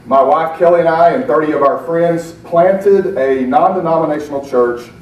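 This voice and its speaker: A middle-aged man from Alabama giving an animated, self-deprecating storytelling talk to a conference audience. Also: a little high, moderate pace, distant mic, slight background noise. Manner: animated, self-deprecating, acts out quoted voices. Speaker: motivational speaker. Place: conference breakout room. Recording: echoey hall, speaker off-mic.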